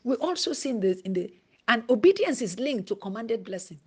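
A woman preaching a sermon, dropping to a hushed whisper at times and rising to emphasis. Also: fairly high pitch, very animated, fairly quick, slightly rough.

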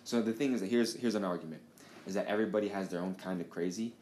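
This podcast host talks very fast in a low, slightly mellow voice, telling a wandering, expletive-laden story in relaxed conversation. There's echo from the room plus faint noise.

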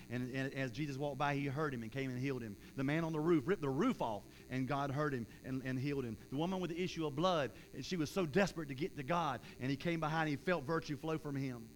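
A man preaching a sermon as pastor in a church, rising loud in acted-out prayers and dropping soft for an altar call and prayer. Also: medium pitch, slight background noise, poor audio. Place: church sanctuary.

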